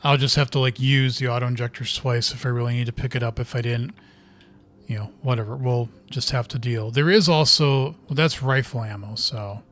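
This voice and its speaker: A man's voice: mid-range voice, fairly even intonation, fairly quick, fairly bright tone. A man giving casual let's-play commentary on a horror video game, thinking aloud and muttering as he reads in-game notes. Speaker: gamer playing through a horror video game.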